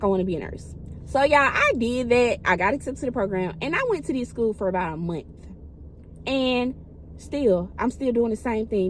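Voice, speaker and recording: A woman in her twenties telling a personal story in a casual vlog, chatty and animated, talking straight to her viewers. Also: a little high, a little hiss or hum, low-quality recording. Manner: chatty, animated, keeps addressing viewers directly. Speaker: vlogger.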